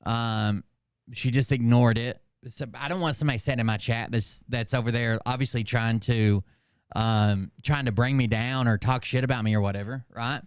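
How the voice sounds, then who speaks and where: A man's voice: mid-range voice, steady tone, moderate pace, smooth, no echo, clean studio sound. A man hosting his channel, ranting casually with lots of swearing and rambling restarts. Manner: profane, rambling, exasperated. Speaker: channel host. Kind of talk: casual livestream rant.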